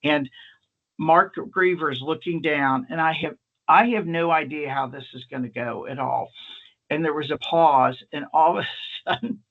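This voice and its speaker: A man, an emergency nurse, telling a lively anecdote in a presentation, restarting often. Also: on the high side, moderate pace. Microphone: video call or meeting mic. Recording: slightly muffled meeting recording.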